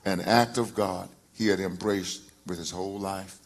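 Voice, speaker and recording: A man preaching a sermon, reading scripture aloud in a folksy drawl with rising emphasis, with a husky voice. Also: sits low, fairly even intonation, moderate pace. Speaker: pastor.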